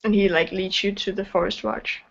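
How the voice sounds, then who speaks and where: A woman's voice: mid-range voice, steady tone, a little fast, vocal fry. A woman narrating as game master of a tabletop game, hesitant and full of fillers. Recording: dull lo-fi sound.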